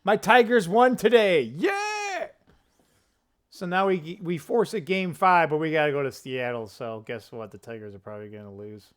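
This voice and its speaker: A man hosting a casual political commentary vlog, rambling and opinionated, with quick asides and self-corrections. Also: medium pitch, fairly even intonation, a bit bright, smooth. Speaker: political commentary channel host.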